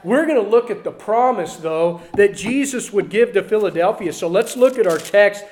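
A man preaching a sermon to his church, repeating key phrases and swinging between loud declarations and quiet asides. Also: sits high. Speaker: pastor.

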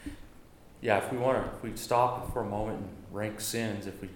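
A man's voice: fairly low pitch, fairly even intonation, brisk. A man teaching a church Bible class in a conversational, joking way, often correcting himself. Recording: echoey room, faint noise.

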